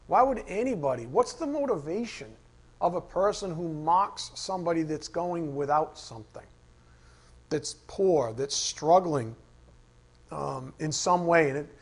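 A man teaching a Bible study class. He asks the class questions, reads verses slowly and repeats the key lines. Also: on the high side. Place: classroom with a board.

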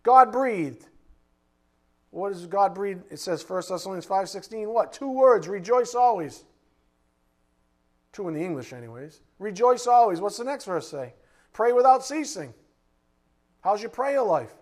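A male preacher with a fairly high voice delivers a sermon. He fires blunt rhetorical questions at the room and swings between loud emphasis and quiet asides. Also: sing-song, normal speed.

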